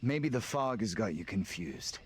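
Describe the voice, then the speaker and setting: A calm, steady survivor. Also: male voice, fairly low pitch, unhurried, a crowd in the background. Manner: calm, reassuring. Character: calm, level-headed man reassuring the group.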